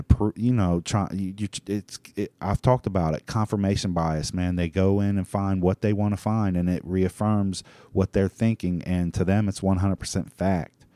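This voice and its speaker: A man's voice: deep voice, warm tone, no room sound. A man hosting a solo talk show, rambling in a loose, profane monologue full of restarts and fillers. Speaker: podcast host.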